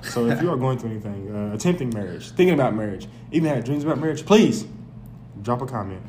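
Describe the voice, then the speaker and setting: A man co-hosting a casual comedy wrestling podcast, chiming in with deadpan agreement and mock-solemn plugs for the show. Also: mid-range voice, fast. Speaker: podcast co-host. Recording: echoey room with faint noise.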